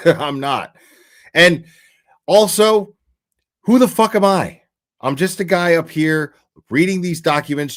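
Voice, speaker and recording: A man hosting a livestream, talking through legal documents in a rambling, profane, emotional way, often restarting his sentences. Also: mid-range voice. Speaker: livestream host reading case documents. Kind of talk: casual livestream commentary.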